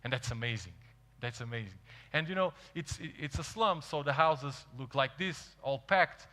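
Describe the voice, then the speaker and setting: A man with a Portuguese accent, a native Portuguese speaker, giving an animated storytelling talk to an audience and acting out quoted dialogue. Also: mid-range voice, moderate pace. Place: large event hall. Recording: reverberant hall.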